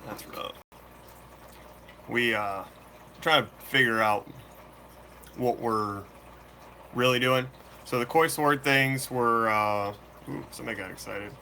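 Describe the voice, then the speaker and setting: A man hosting a fishkeeping channel, chatting casually and answering viewer questions live in a relaxed, slangy way. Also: medium pitch, unhurried, creaky, long pauses, a little hiss or hum. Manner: laid-back, slangy, chatty. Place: room full of fish tanks.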